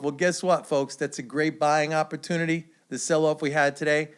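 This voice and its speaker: Man, economics commentator, confident lecturing tone, slightly high pitch, smooth resonant voice. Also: flat delivery, moderate pace. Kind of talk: market commentary video. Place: away from usual studio.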